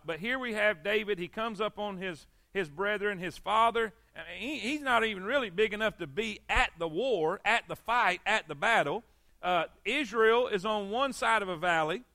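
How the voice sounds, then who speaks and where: A preacher man with a high, ringing voice leads an evening church sermon. He talks in a folksy, repetitive way and keeps calling for amens. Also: bright, forceful tone, dry recording, studio quality. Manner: folksy, repeats phrases, calls for amens. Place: church service.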